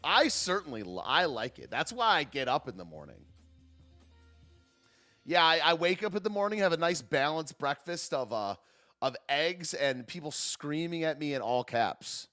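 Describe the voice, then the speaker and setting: A man's voice: fairly high pitch, very animated, moderate pace, bright, forceful tone, faint music behind. A man hosting a livestream, chatting casually, reading chat aloud and joking sarcastically. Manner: sarcastic, laughs often, reads chat aloud. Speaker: livestream host.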